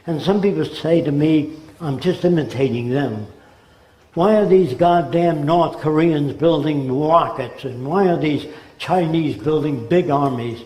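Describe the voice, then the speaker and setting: Older man lecturing with a mellow voice. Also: a little high, a little slow, echoey room, poor audio. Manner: rambling, mimics accents to make points. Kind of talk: informal lecture.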